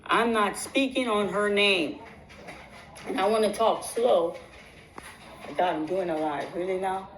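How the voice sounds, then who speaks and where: In a rough recording, a woman vlogger with a medium-pitched voice tells her viewers a long personal story, speaking unhurriedly with long pauses. Her talk is casual, and she keeps repeating phrases for emphasis and restarting sentences.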